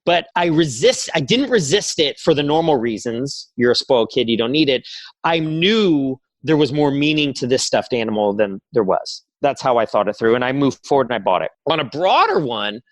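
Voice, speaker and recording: A man in his forties speaks in an earnest, reflective way, telling personal stories and quoting his own inner voice. His pitch sits in the middle, and the sound is close and dry, with no room around it. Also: sing-song, moderate pace, hardly any pauses, no room sound, poor audio. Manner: earnest, reflective storytelling with quoted self-talk. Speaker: podcast guest, career coach. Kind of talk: conversational interview.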